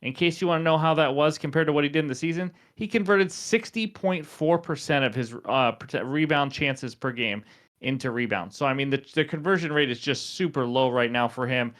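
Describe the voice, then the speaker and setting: A man's voice: a little high, fairly quick, a bit bright. A young man hosting a sports betting picks show, chatty and self-deprecating with frequent fillers.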